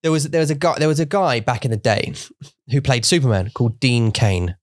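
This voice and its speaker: A man's voice: medium pitch, brisk, no room sound, studio quality. A male podcast co-host, a native English speaker, chatting casually in a rambling, jokey way and slipping in Mandarin words. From English-speaking country. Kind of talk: casual bilingual chat.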